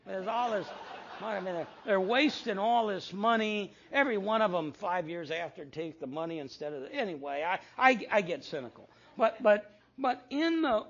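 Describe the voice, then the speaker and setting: A man's voice: sits high, gravelly, breathy edge, lo-fi sound. An older man preaching a sermon as pastor, telling stories with quoted dialogue and self-deprecating asides.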